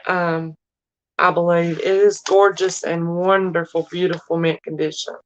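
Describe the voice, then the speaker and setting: A woman's voice: on the low side, little pitch movement, slow, highs cut off. A woman with a Southern drawl, chatting casually as she runs a live-stream auction and talks straight to her viewers. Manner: chatty, addresses viewers as y'all and darling.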